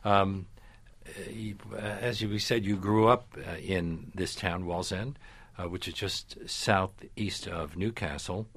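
A man's voice: low-pitched, fairly even intonation, measured pace, fairly bright tone, slightly rough. A man hosting an interview, asking curious questions in a conversational way. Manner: curious, conversational, hesitant fillers. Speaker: interview host.

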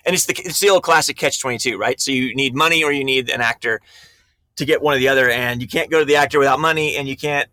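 A man's voice: mid-range voice, fast talker, pushed and bright, dry recording. A man, a film director being interviewed, eagerly explaining how his film came together. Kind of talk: casual interview storytelling.

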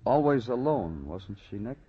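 A man's voice: mid-range voice, sing-song, normal speed, breathy edge. An actor playing a hard-boiled male police detective in a 1950s radio drama, asking clipped, pressing questions. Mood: probing. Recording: dull old radio broadcast.

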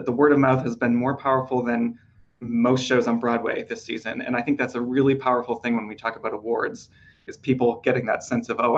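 A man's voice: mid-range voice, dull audio. A man hosting a casual awards-prediction podcast, talking chattily with fillers while losing his voice. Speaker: podcast host.

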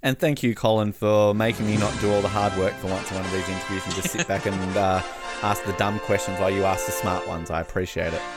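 A man's voice: low voice, fairly even intonation, fast talker, over loud music. A man co-hosting a podcast, bantering and joking at his own expense in casual chat. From Australia. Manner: joking, self-mocking banter. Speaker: podcast co-host.

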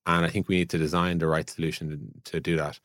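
Fast-talking deep-voiced man, casual. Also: level tone, fairly bright tone, dry recording, studio quality. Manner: thinks aloud with many "like" fillers and restarts. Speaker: podcast co-host, product leader. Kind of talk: casual conversational podcast chat.

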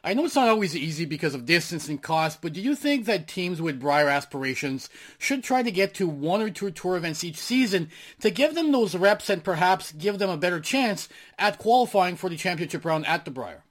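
A man's voice: sits high, sing-song, a little fast, hardly any pauses. A man interviewing a guest, reading long, carefully worded questions.

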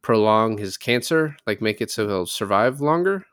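A man co-hosting a casual movie review podcast, animated and profane, slipping into mocking voices of characters. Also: lowish voice, normal speed, smooth, no room sound, clean studio sound. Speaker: podcast co-host.

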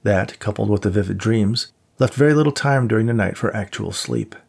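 In scripted audiobook narration, a man reads a novel with a low, gravelly, husky voice that has a bit of roughness at the edges. He keeps his pace steady and measured, subtly changing his voice for the characters.

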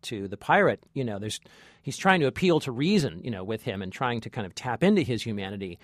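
A man co-hosting a casual movie review chat, halting and full of restarts, with wry humor. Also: medium pitch, expressive, no room sound, clean studio sound. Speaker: film critic co-host.

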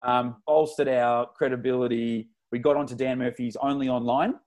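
A man in his twenties from Melbourne with an Australian accent, a podcast guest excitedly telling stories in slangy, casual talk. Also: medium pitch, normal speed. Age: 20s. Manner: excitable, slangy, tells stories with lots of retold dialogue. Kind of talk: casual interview storytelling.

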